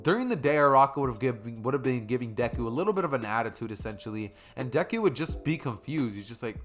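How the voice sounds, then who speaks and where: A man's voice: mid-range voice, expressive, fast talker, hardly any pauses, fairly bright tone, soft background music. A young man casually retelling his own fan story, rambling, slangy and correcting himself as he goes.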